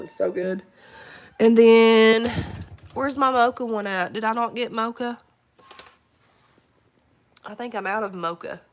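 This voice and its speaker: A woman, sick with covid, chatting casually from home and breaking off to talk to her dog. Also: fairly high pitch. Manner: chatty, rambling, talks to her dog between thoughts. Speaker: vlogger. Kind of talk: casual morning live chat.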